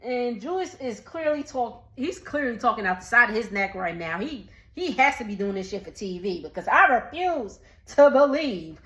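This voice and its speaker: A woman, giving a sassy, animated casual recap and talking back to the people on screen. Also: on the high side, moderate pace, few pauses, roomy sound. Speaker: recap vlogger.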